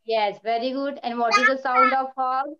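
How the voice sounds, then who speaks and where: A woman's voice: high voice, fairly even intonation, moderate pace, dull audio, very noisy. A woman teacher giving an online primary school lesson, patiently repeating words and praising often.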